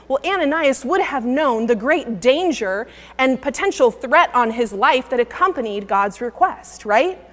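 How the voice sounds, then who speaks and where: Woman preacher, fairly high voice, earnest sermon delivery with emphatic repeats, long reverb of a big room. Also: a bit bright. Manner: earnest, builds to emphatic repetition. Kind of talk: sermon with scripture reading.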